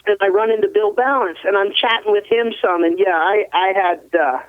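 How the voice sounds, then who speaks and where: High-voiced man telling stories over a phone line. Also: a little fast, no room sound. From US West Coast. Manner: laughs often, rambling, animated. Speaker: guest, ATV racer. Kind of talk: casual storytelling interview.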